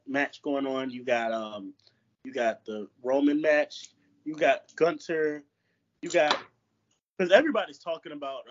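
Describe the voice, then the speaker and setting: A young man co-hosting a casual podcast, his voice husky and slightly rough. He talks haltingly, stopping and restarting often, with an easy profane edge. The sound is dull, like a cheap home mic. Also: mid-range voice. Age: young adult. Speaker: podcast co-host. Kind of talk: casual chat.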